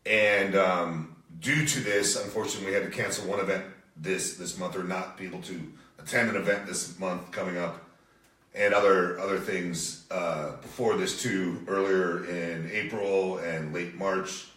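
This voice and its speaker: A man co-hosting a radio show from a home studio, chatting casually in a subdued, somewhat monotone way. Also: deep voice, moderate pace, echoey room, recorded from a distance.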